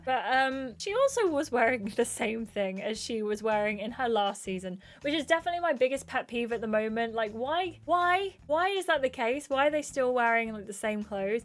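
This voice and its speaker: A chatty woman recaps a video game for her channel in an easy, casual way. Her voice sits fairly high, and she exclaims and asks questions as she goes. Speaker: gaming YouTuber.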